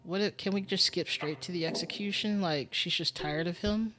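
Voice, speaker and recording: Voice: mid-range voice, moderate pace, bright, forceful tone, soft background music. A streamer thinking aloud during a casual live-stream game commentary, muttering and musing with lots of fillers.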